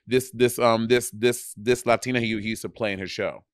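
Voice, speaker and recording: A man's voice: medium pitch, fairly even intonation, fairly quick, dry recording. Male podcast co-host, casual and rambling, dry close mic. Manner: rambling, many restarts and fillers. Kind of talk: casual chat.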